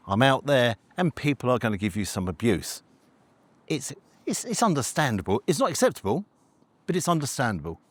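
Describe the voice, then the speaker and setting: A man, a food reviewer, telling a story in an animated way and acting out conversations. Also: mid-range voice. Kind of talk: storytelling vlog.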